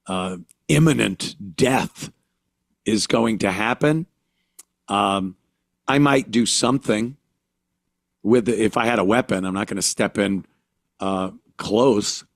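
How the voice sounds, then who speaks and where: A man's voice: fairly low pitch, no room sound, clean studio sound. An older man hosting a show, delivering a blunt, profane, opinionated commentary monologue. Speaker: podcast host.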